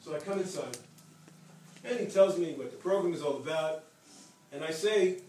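A man speaking to an audience, telling a story with lively repetition and emphasis. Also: on the high side, moderate pace, pauses often. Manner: animated storyteller who repeats phrases for emphasis. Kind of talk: storytelling talk. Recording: echoey hall, distant mic, faint hiss.

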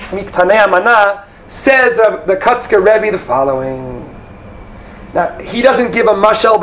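A man with a high voice delivers an animated Torah lesson. He fires off rhetorical questions and drops Hebrew terms into his talk. Faint room noise sits behind him. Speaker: Torah teacher. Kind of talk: Torah class.

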